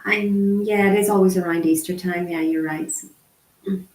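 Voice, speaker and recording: A woman voicing a casual online sign language lesson, chatty and unhurried, with frequent ums. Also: lowish voice, steady tone, a little mellow. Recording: echoey room.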